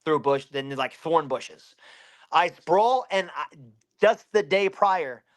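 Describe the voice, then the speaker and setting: A man, a bare-knuckle fighter from Pennsylvania, telling a story in an interview in an animated way and swearing constantly. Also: a little high, slow pace.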